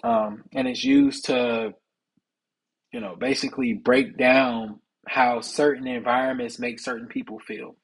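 A young man hosting a solo podcast, talking casually and preachily about men's mental health in streetwise slang, with a husky voice. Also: medium pitch, rough recording. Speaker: podcast host.

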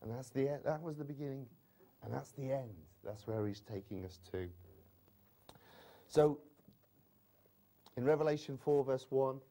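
A man's voice: mid-range voice, unhurried, pauses often. A man in his forties preaching a sermon in a conversational way, often adding "you know" and stumbling into restarts. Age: 40s. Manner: stammers into restarts, wide swings in loudness.

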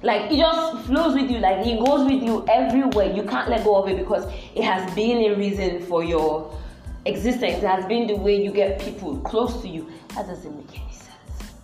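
A woman's voice: mid-range voice, moderate pace, a little mellow, echoey room, soft background music. A woman with a Nigerian accent giving blunt, emphatic advice as a vlogger, repeating herself as she scolds, speaking in a public place. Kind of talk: personal advice rant to camera. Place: public place with people around.

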